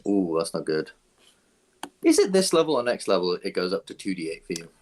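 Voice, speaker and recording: A man narrating as dungeon master, relaxed and descriptive, thinking aloud with fillers. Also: low-pitched, brisk, slight background noise. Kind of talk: narrating a tabletop game.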